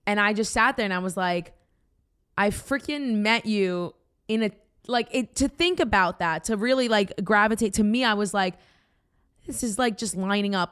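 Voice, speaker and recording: A young woman with a Boston accent hosting a casual chat podcast, telling rambling, excited stories full of fillers. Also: mid-range voice, smooth. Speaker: podcast host.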